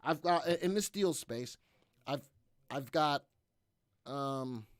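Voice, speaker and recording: A man's voice: fairly high pitch, slow pace, no echo. A man hosting a live stock market analysis webcast, reading charts with exuberant, folksy exclamations and talking straight to his viewers. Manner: talks straight to viewers, asking for chat replies.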